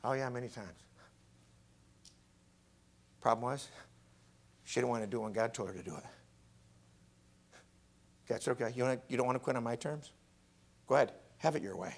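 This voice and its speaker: A man preaching a sermon as pastor in a college chapel. He is animated, moving from loud exclamations to hushed whispers. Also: medium pitch, brisk, gravelly, long pauses.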